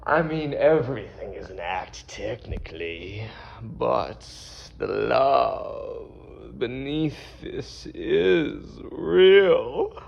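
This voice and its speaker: A man voicing a loving channeled presence that speaks through him with a put-on accent, gasping and weeping between slow declarations. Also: medium pitch, lively intonation, gravelly, a little mellow, full character voice. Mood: ecstatic. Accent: unplaced put-on accent. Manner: gasping, weeping, drawn-out emotional outbursts. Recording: dull lo-fi recording.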